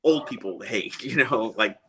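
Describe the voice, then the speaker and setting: A man's voice: on the low side, normal speed, pushed and bright, a little hiss or hum, rough recording. A man, a guest, telling a long personal story in a casual, rambling way and chuckling often.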